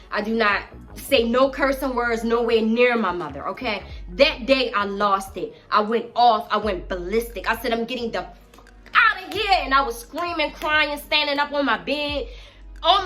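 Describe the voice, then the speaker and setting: Animated, bright-voiced woman telling a story. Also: on the high side. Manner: animated, profane, addresses viewers as y'all. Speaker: vlogger. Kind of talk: casual storytime vlog.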